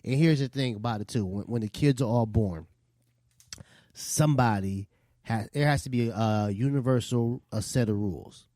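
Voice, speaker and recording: A man's voice: medium pitch, normal speed, warm tone, no echo, studio quality. A man co-hosting a podcast in casual, rambling chat who laughs often. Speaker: podcast co-host.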